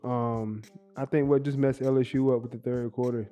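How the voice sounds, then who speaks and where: A man co-hosting a podcast, talking in a relaxed, reflective way. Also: mid-range voice, normal speed, muffled recording, faint music behind. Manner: relaxed, reflective, sports-savvy. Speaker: podcast co-host. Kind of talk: casual chat.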